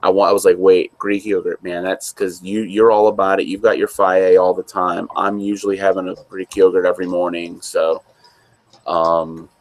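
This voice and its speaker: Deep-voiced man chatting casually. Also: level tone, moderate pace. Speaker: co-host. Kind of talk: casual chat.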